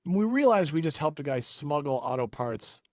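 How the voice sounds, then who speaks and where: A man on a podcast telling a long story in a casual, animated way, acting out the people he quotes. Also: fairly high pitch, normal speed, no room sound, clean studio sound. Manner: animated, acts out quoted voices. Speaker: podcast guest.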